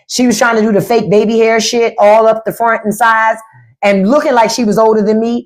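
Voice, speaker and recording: A woman's voice: a little high, steady tone, brisk. A woman hosting a livestream, ranting bluntly and mockingly with plenty of profanity. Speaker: livestream host. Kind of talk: casual livestream rant.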